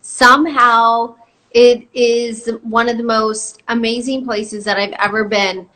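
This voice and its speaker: A woman's voice: a little high, level tone, takes it slowly, sharp tone. A woman guest on a chat show over a video call, chatty and playful, laughing as she talks. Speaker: actress guest. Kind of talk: casual video-call interview.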